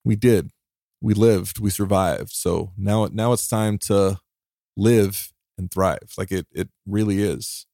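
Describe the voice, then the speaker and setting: A heartfelt man speaks on his own podcast in a fairly low voice. He sounds emotional and close to tears, stumbling over restarts and breaking into small laughs. The recording is dry, with no room sound. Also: fairly even intonation, takes it slowly, gravelly, warm tone, no room sound. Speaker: podcast host. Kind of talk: reflective solo podcast monologue.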